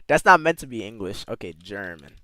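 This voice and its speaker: A man's voice: on the low side, sing-song, measured pace, pushed and bright, no room sound. A man streaming live, chatting casually with his viewers and playfully sounding out foreign words. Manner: talks to chat with slangy asides.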